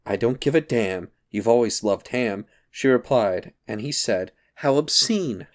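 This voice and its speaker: A man's voice: mid-range voice, unhurried, natural voice. A man reading aloud, voicing a witty, irreverent young woman with dry, teasing remarks.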